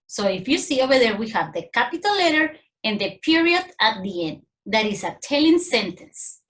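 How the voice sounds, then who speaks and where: A woman with a Mexican Spanish accent teaching young children English punctuation, patiently reading example sentences aloud with expressive tone. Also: a little high, moderate pace, hardly any pauses, poor audio. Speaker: primary school English teacher. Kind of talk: recorded online lesson for young children.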